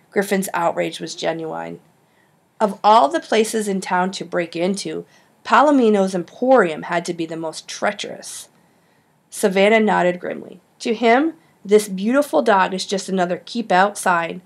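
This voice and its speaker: A woman narrating an audiobook with lively storytelling. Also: on the low side, moderate pace, vocal fry. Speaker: audiobook reader.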